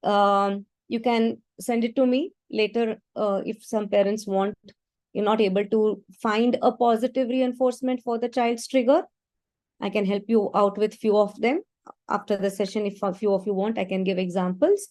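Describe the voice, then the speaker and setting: A woman's voice: mid-range voice, steady tone, moderate pace, a little mellow, no echo. Earnest woman coaching parents online. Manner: earnest, instructive, speaks to parents directly. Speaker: parenting workshop speaker. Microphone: video call.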